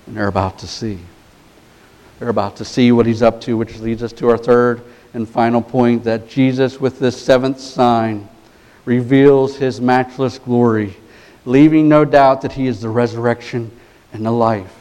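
A man's voice: mid-range voice, steady tone, moderate pace, a little mellow, poor audio. A man preaching a sermon as pastor, earnest and emphatic, building points through repeated phrases.

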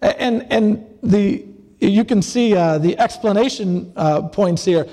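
Male preacher, high pitch, hesitant delivery, recorded in a reverberant hall. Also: animated, dark tone. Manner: halting, many fillers and restarts; acts out quoted voices. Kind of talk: sermon.

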